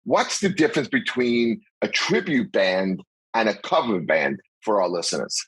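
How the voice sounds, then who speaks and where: A male podcast host in easygoing conversation, his voice a little husky and very animated in pitch. He stumbles and restarts his sentences often. The sound is dry and close. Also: normal speed, no room sound, low-quality recording. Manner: stammering, restarting and laughing often. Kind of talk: casual podcast chat.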